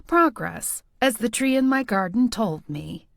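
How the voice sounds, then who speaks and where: A woman reads a first-person audiobook with wry, self-deprecating humor. Her pitch is slightly high and swings in a lively way. The recording is dry and close, with no room sound. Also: unhurried, creaky, dry recording. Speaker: audiobook narrator.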